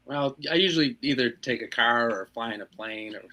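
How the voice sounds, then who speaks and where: Man, puppeteer guest, joking, bright voice, casual chat. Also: medium pitch, a little fast. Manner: joking, wisecracking.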